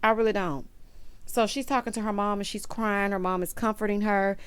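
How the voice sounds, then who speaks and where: A woman's voice: mid-range voice, fairly even intonation, brisk, clear, resonant tone, dry recording. A woman, chatting sassily to her viewers as she recaps a reality show. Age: late 30s. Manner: sassy, chatty, talks straight to viewers. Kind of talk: casual recap commentary.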